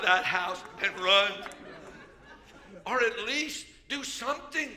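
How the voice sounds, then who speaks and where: A man pastor preaching a sermon, storytelling with jokes and sudden loud bursts. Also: high-pitched, sing-song, a little slow, a loud crowd, very noisy. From United States.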